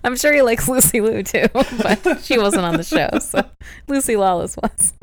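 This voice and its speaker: A woman's voice: on the high side, animated, normal speed, no echo. A woman co-hosting a casual podcast at home, chatting and recapping a TV show, laughing often. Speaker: podcast co-host. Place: home, with a cat.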